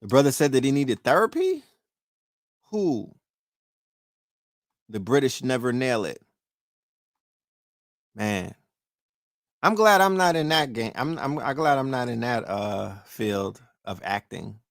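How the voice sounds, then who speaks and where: A man's voice: mid-range voice, big pitch swings, slow pace, long pauses, no room sound, clean studio sound. A middle-aged man with a New York accent hosting a casual show, talking profanely and throwing questions at his listeners. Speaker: podcast host. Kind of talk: casual livestream talk.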